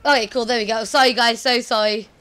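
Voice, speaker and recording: High, bright-voiced woman gamer. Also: quick pace. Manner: chatty, excitable, apologizes often to viewers. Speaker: let's play gamer. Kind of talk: casual gameplay commentary.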